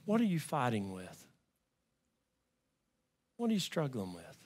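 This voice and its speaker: A man preaching a sermon as pastor, telling stories and rising to loud pleading cries. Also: mid-range voice, wildly swooping pitch, a little slow. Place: church.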